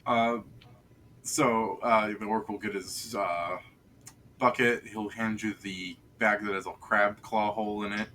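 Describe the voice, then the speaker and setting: A man's voice: lowish voice, fairly even intonation, unhurried, pushed and bright, a little hiss or hum. A man narrating as game master in a tabletop game, joking and laughing often.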